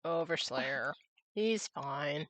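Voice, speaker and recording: A woman's voice: low-pitched, lively intonation, very slow, noisy background. A young woman chatting casually while streaming a game, giggling and reading game text aloud. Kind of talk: casual chat while gaming.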